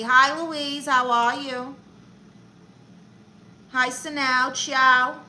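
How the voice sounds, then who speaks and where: A brash, chatty woman with a Brooklyn accent and a fairly high voice. She hosts an in-character comedy live stream, greeting viewers one after another and reading their comments aloud. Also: sharp tone, slight background noise, poor audio. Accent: Brooklyn New York. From Brooklyn, New York. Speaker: livestream comedy host.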